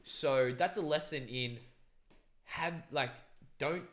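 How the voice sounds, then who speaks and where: A man's voice: fairly high pitch, takes it slowly, fairly bright tone. A young man telling a rambling story on a podcast, full of filler words and swearing. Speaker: podcast co-host. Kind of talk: casual storytelling chat.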